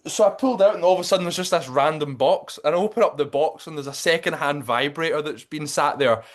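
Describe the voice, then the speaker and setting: A young man co-hosting a podcast, telling a story in a lively, sweary way and acting out what people said. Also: fairly high pitch, fast talker. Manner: animated storytelling with lots of swearing and acted-out quotes. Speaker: podcast co-host. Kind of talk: casual chat.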